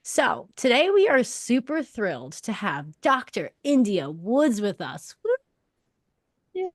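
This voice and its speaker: A woman's voice: mid-range voice, big pitch swings, measured pace, no echo, studio quality. A woman hosting a podcast, bubbly and enthusiastic, chatting casually and laughing often. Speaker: podcast host. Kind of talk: casual interview chat.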